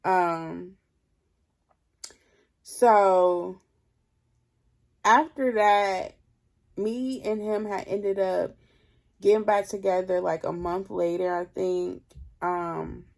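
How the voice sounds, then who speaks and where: A young woman telling a storytime tale in casual chat, drained and low on energy, leaning on 'like' as she talks. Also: fairly even intonation, extremely slow, creaky, pauses often, darkish tone. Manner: chatty, leans heavily on 'like'. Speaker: vlogger.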